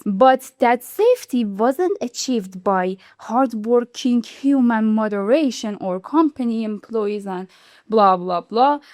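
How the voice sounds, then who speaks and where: A woman hosting a YouTube commentary in English, which is not her first language. She explains in an animated, indignant way and laughs now and then. Her voice sits fairly high, and the recording is dry and close. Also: dry recording. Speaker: YouTube channel host. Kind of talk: video commentary.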